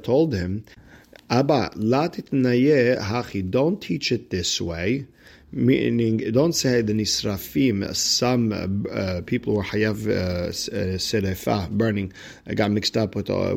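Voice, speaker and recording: A man with teaches a Talmud page, moving briskly between the Aramaic text and his own plain explanation. His voice sits low with a gravelly, fry-edged texture, and he fills gaps with frequent "uh"s. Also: darkish tone. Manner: quick explanatory, translating Aramaic into English, many fillers. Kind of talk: daily page study lesson.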